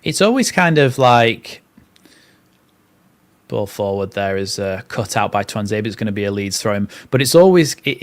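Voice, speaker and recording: Low-voiced man calling a match. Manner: chatty play-by-play mixed with rambling asides. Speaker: fan channel host. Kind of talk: live watchalong commentary.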